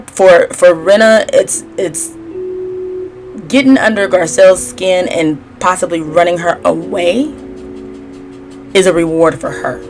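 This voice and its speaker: A woman giving a casual, sassy gossip recap as a tarot reader, chatty and opinionated. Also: on the low side. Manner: chatty and sassy, mimics cast members in a raised voice.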